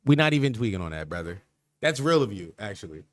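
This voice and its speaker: A man's voice: fairly low pitch, sing-song, quick pace. A man hosting a podcast stream in casual chat, riffing with slang in a repetitive, joking, mock-sincere way. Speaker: podcast host.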